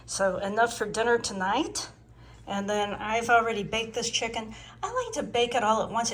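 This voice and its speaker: An older woman chatting frankly in a casual home vlog, folksy, with frequent ums. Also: a little high. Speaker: vlogger.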